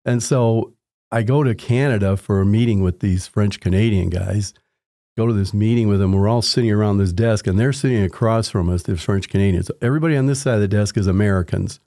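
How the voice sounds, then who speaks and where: A man in his sixties speaks in a low, mellow voice as a podcast guest, winding through long anecdotes full of restarts. His voice sounds dry and close, with no room sound behind it. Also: brisk, no room sound. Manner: rambling anecdotes with frequent restarts, acting out quoted people in raised voices. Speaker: podcast guest, home inspector. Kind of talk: casual storytelling interview.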